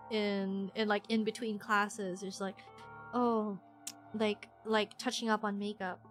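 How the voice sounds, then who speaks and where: A young adult woman streaming a game, chatting casually in a rambling, self-deprecating way with lots of restarts and giggles. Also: mid-range voice. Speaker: VTuber streamer.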